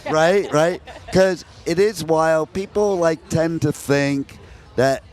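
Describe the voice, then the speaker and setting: A talkative American man with a slightly raised pitch, chatting with a band at an outdoor festival. He jokes freely and laughs between his stories. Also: takes it slowly, a little mellow, soft background music. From New York and New Jersey. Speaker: interviewer. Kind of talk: casual festival interview.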